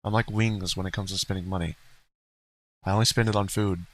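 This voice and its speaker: A man's voice: low-pitched, steady tone, brisk, a bit bright, rough recording. A man co-hosting a livestream in casual, rambling chat, blunt and profane, laughing now and then. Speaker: streamer co-host.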